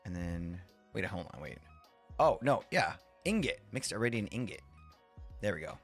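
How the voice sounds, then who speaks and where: Excitable rambling male streamer. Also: sits low, normal speed, husky, soft background music. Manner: rambling and excitable, laughs often, swears. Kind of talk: live gameplay stream chat.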